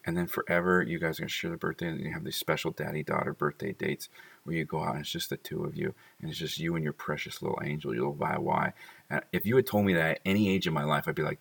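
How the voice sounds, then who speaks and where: A man's voice: extremely low pitch, little pitch movement, fast, vocal fry, a bit bright, breathy edge, recorded from a distance. A man talking fondly about his children in a casual, rambling monologue full of "like" and small laughs.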